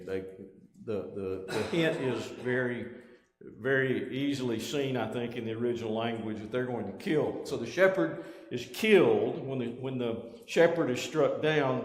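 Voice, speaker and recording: A man teaching a bible class, reading scripture aloud and stopping often to restart his thought. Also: mid-range voice. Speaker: preacher. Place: church auditorium. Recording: echoey church hall, roomy reverb.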